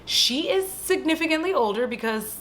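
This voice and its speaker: Animated young woman recapping a movie. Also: high-pitched, moderate pace, a little hiss or hum. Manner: animated, swears freely, acts out quoted lines. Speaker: vlog host. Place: home.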